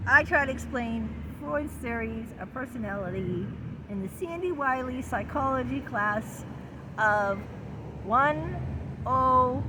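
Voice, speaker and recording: A woman's voice: fairly high pitch, noisy background. A woman psychology teacher explaining a theory in a casual, playful way, repeating and restarting. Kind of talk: casual lesson.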